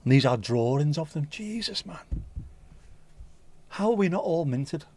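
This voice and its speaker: A man's voice: on the high side, lively intonation, a little slow, darkish tone. Cheeky man with a mild Scouse accent. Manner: cheeky, joking, rambling. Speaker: livestream host. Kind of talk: casual livestream chat.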